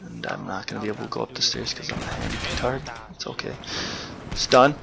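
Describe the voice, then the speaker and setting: Young male gamer, chatty and excitable, low fry-edged voice over loud game fire. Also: a little fast, background noise. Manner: chatty, rambling, excitable bursts. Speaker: gamer doing live commentary. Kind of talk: live gameplay commentary. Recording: game gunfire loud in background. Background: gunfire and game sounds.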